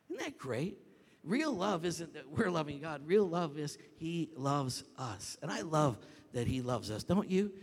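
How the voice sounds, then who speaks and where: A man preaching a sermon as pastor, telling stories in an animated way that climbs to shouts. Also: on the high side, husky. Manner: animated storytelling, rising to shouts when reenacting. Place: church sanctuary. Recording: long reverb of a large hall.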